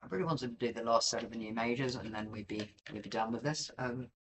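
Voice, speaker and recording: A man's voice: mid-range voice, steady tone, fast talker, a bit bright, recorded from a distance, a little hiss or hum, rough recording. A man giving casual live-stream market commentary over charts, rambling and self-deprecating with many filler ums. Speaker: livestream crypto chart analyst.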